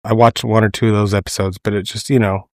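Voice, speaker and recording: A man's voice: on the low side, flat delivery, fast talker, a little mellow, dry recording. A young man co-hosting a casual comedy podcast, laid-back and dry with crude jokes. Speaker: podcast co-host.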